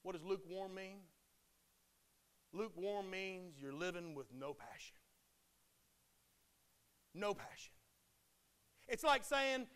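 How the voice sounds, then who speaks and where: A man preaching a sermon, swinging between loud impassioned declarations and hushed, quiet drops. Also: high-pitched, expressive, slow pace, long pauses, smooth.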